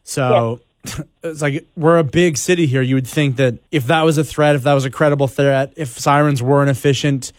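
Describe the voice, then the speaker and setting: A male radio show host in casual chat, animated and fond of rhetorical questions. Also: medium pitch, moderate pace, dry recording, clean studio sound.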